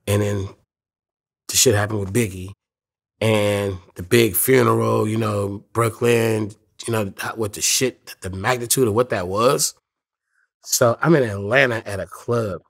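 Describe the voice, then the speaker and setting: With a creaky, lowish voice and a steady tone, this man in his fifties speaks unhurriedly. He is a rapper guest in an interview, relaxed and profane as he tells stories. He quotes people by putting on voices.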